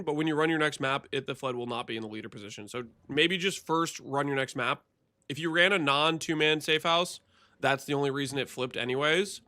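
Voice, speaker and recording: A man streaming a game live, chatting casually with viewers in an excitable, teasing way and laughing often. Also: mid-range voice. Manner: excitable, teasing, quick to laugh and banter with chat. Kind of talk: casual live gameplay commentary to chat.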